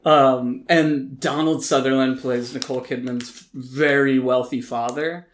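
A man co-hosting a casual podcast, giving animated, opinionated reviews with frequent ums and restarts. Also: medium pitch, unhurried, a little hiss or hum. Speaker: podcast co-host reviewing films and TV. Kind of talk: casual chat.

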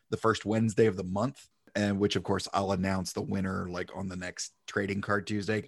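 A man's voice: lowish voice, no echo, studio quality. A man hosting a podcast in casual, upbeat chat, laughing often. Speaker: podcast host.

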